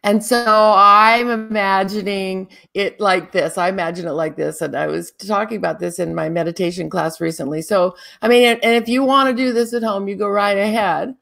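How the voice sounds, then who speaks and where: A woman hosting a spiritual talk show, guiding listeners in a calm, drawn-out, meditative way. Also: mid-range voice, creaky. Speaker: spiritual teacher and show host.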